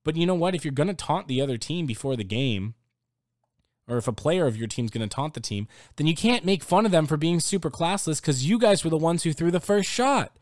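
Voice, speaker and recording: A young man ranting in a casual sports talk, exasperated and getting louder and higher when he is worked up. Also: animated, fairly quick, no echo, clean studio sound. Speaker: sports commentator.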